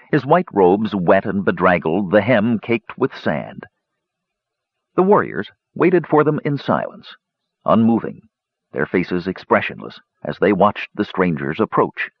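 Lively low-voiced male narrator. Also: measured pace, slightly rough, no room sound. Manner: expressive storytelling. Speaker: audiobook narrator. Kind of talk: scripted fantasy narration. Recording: dull lo-fi dry recording.

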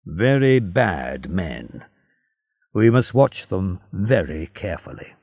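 A man's voice: low-pitched, very animated, takes it slowly, creaky, husky, dry recording, muffled recording, heavily acted. A man voicing a stern male prison governor who speaks in a curt, official way.

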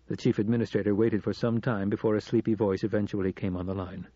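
Man narrating an audiobook in a husky voice. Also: on the low side, fairly even intonation, dark tone, dry recording. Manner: measured, suspenseful storytelling. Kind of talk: scripted narration. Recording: muffled cassette audiobook.

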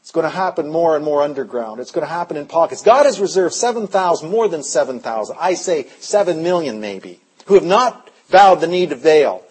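A man preaching a sermon as pastor, telling stories, sometimes shouting and sometimes dropping to a hush. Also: on the high side, expressive, a little fast, few pauses, breathy edge, poor audio. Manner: storytelling, shifts from shouting to hushed.

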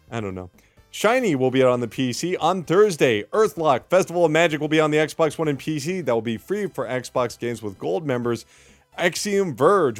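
A man hosting a gaming news podcast reads through release lists and rants with sarcastic, mock-dramatic outrage. His voice is mid-range, with no echo.

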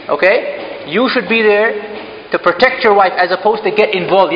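A man's voice: sits high, moderate pace, a little hiss or hum. A man giving an interactive religious talk in a mosque, asking the audience questions and joking lightly. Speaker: mosque speaker. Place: mosque hall. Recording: echoey hall, dull lo-fi sound.

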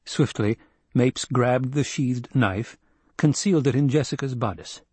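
A man narrating an audiobook in a measured, even storytelling manner. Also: medium pitch, slightly rough, dry recording. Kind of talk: scripted narration.

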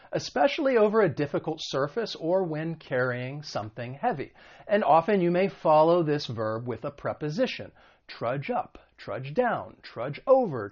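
A man's voice: a little high, lo-fi sound. A man teaching English vocabulary in a video lesson, explaining in a friendly way and putting questions to the viewer.

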